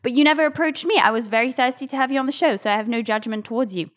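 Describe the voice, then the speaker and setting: A woman's voice: on the high side, very fast. A young woman hosting a podcast with a mixed, partly English-sounding accent, talking casually, bluntly and with frequent swearing. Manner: blunt, opinionated, swears freely. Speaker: podcast host.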